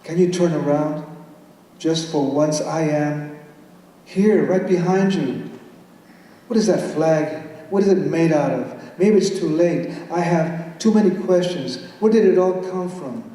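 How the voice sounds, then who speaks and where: A man's voice: on the high side, unhurried, dark tone. A man poet giving a playful live reading that switches between English and Spanish. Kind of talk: live poetry reading with banter. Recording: echoey hall from far off.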